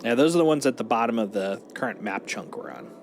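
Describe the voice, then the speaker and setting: Playful male streamer with lively pitch. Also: fast talker, slight background noise. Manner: playful, thinks aloud, lively ups and downs. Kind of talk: casual gameplay chat. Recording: game music behind voice.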